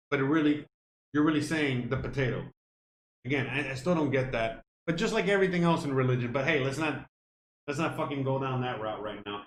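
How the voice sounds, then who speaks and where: A man's voice: on the high side, a little hiss or hum. A Cuban-born man hosting his cooking live stream, chatting casually with viewers in a rambling, profane way. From Cuba. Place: home kitchen. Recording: echoey room with faint music.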